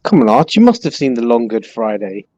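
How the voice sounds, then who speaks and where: Mellow-voiced man on a dry lo-fi call. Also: medium pitch, very animated, a little fast, dry recording. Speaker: livestream call-in guest. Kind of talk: casual group chat.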